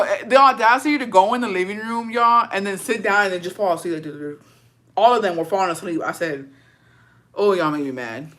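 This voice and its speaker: A woman's voice: fairly low pitch, bright, forceful tone. A young adult woman telling a story in a casual, profane rant, slipping in Spanish words. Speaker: storyteller on a livestream.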